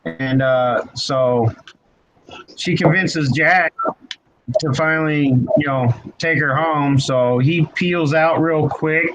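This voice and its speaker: A man improvising a spooky campfire story on a livestream, halting and full of ums. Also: fairly high pitch, a bit bright. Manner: halting, drawn-out delivery with many ums. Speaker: livestream guest. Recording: dull lo-fi stream audio with faint hiss.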